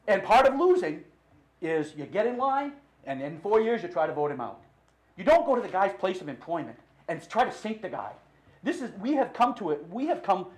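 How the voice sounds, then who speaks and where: A middle-aged man with a voice that sits high speaks off the cuff during public comment at a city council meeting. Standing at the podium microphone, he is impassioned but halting, with frequent restarts.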